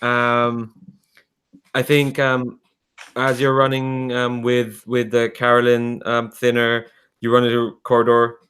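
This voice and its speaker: A man's voice: mid-range voice, completely flat delivery, a little slow, a bit bright, clean tone. A man narrating a tabletop game as game master, hesitant and full of ums and restarts.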